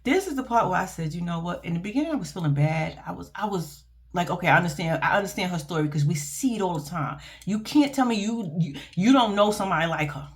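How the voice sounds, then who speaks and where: A woman's voice: on the low side, quick pace, hardly any pauses. Blunt, profane woman reacting to reality TV. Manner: blunt, profane, animated and laughing. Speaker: reality TV commentator. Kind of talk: casual reaction vlog.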